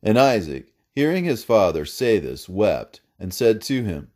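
A man with a low voice reads an ancient religious story in solemn, measured narration. His pitch rises and falls freely across phrases. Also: very animated, darkish tone.

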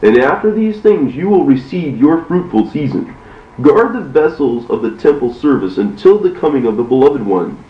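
A man's voice: mid-range voice, very animated, normal speed, close to an everyday voice. Solemn commanding God voice, a man reading it out, roomy distant room sound. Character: the Lord, commanding male divine voice. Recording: distant, roomy, dull recording.

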